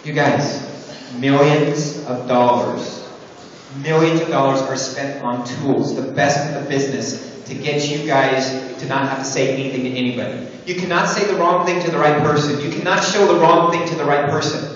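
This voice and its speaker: A man giving a lively, joking motivational talk to an audience at a sales event. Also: a little high, moderate pace. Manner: playful, joking, animated, teasing the audience. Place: large hall with an audience. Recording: echoey hall, distant mic, muffled, noisy.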